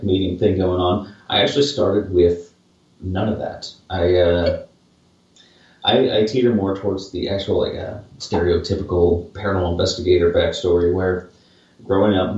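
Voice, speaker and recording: A low-voiced man in his late twenties chats loosely on a podcast, circling back on himself with plenty of fillers and self-mocking asides. He sits well back from the mic in a very echoey room. The sound is dull and muffled. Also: a little mellow, far from the mic. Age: late 20s. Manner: rambling and self-deprecating, with many fillers and restarts. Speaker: podcast co-host, paranormal investigator. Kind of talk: casual podcast chat.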